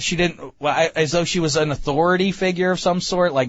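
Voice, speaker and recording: A man, host of a talk show, telling a comic story in an animated, self-mocking way with many stammering restarts. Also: a little high, moderate pace, few pauses, no room sound, highs cut off. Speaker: podcast host.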